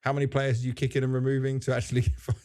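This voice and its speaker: A man's voice: mid-range voice, monotone, racing, mellow. A man hosting a casual podcast, chatty and joking as he leads the conversation. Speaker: podcast host.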